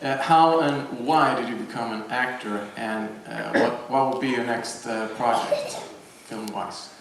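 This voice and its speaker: A man's voice: mid-range voice, steady tone, unhurried, a little hiss or hum. A man in the audience asking an actor a question, hesitant and full of fillers. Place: convention hall. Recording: echoey hall, far from mic.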